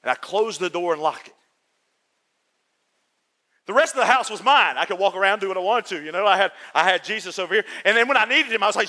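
A man preaching a sermon as pastor, emphatic and repetitive, swinging between loud and hushed delivery. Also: sits high, animated, quick pace. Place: church. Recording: long church reverb.

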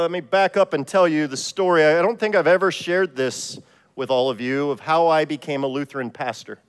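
A man's voice: fairly high pitch, clean tone. A man from Ohio, a pastor preaching a sermon in a casual, self-deprecating storytelling way. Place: church sanctuary. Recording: long church reverb.

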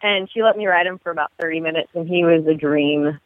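A woman's voice: low voice, fast talker, dry recording. A woman guest on a podcast roundtable telling a story, giggling and often restarting her sentences. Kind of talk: casual roundtable chat. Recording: tinny phone-line audio.

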